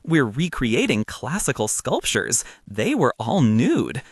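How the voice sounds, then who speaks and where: Teasing unbothered young woman model, as a man puts her on, matter-of-fact, bouncy pitch, dry sound. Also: huge pitch swings, slow pace, husky, no echo, exaggerated voice.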